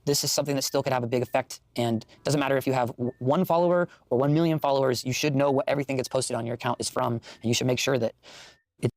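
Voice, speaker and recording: A man's voice: mid-range voice, fast, dry recording. A man who makes art, talking in a reflective, casual way, earnest and apologetic and full of "kind of" and "like". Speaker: artist and content creator.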